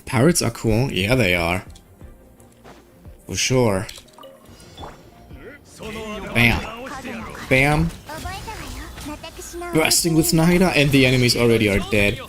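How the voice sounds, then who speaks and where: A young man from Germany with a German accent, giving casual gameplay commentary, excitable and swearing at the game. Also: medium pitch, takes it slowly, pauses often, over music. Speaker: gaming streamer.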